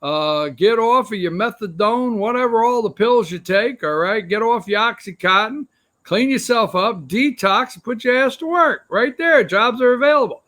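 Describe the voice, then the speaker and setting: A man's voice: very high voice, animated, moderate pace, a bit bright. A man hosting a political opinion show, talking straight to viewers in a rambling, sarcastic way. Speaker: political talk show host. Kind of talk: opinionated commentary.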